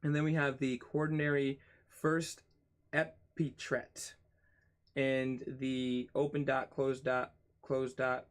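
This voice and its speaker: A man hosting his channel, reading a textbook aloud in a casual way, spelling out words, tripping over terms and dropping sarcastic, swearing asides. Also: mid-range voice.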